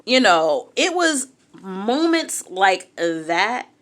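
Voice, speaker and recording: This young adult woman has a mid-range voice and draws out her words. She shares a personal story casually and candidly, staying animated and acting out the things other people said.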